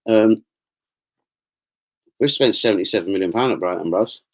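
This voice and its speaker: A man's voice: fairly low pitch, brisk, pauses often. A man hosting a casual football livestream, slangy, chatty and given to swearing.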